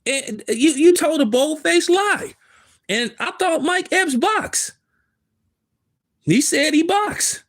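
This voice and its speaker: A man's voice: extremely high pitch, animated, takes it slowly, long pauses, a bit bright. A man giving emphatic, casual commentary, repeating himself for stress in street slang. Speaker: commentary host. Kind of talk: opinionated commentary.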